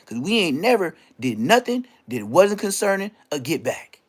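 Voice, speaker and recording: A middle-aged man recounting street drama in a casual, animated storytelling rant, full of slang and repeated phrases. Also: on the high side, moderate pace, slightly rough.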